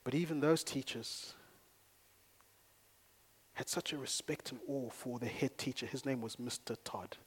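A man preaching a sermon as a pastor. He moves between quiet storytelling and loud, emphatic preaching. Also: medium pitch, a little slow, long pauses, breathy edge.

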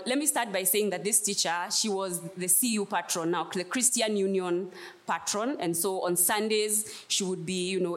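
A woman delivers a sermon, weaving in a personal story. She speaks emphatically and comes back to her key phrases again and again. Her voice sits at an everyday middle pitch. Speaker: preacher.

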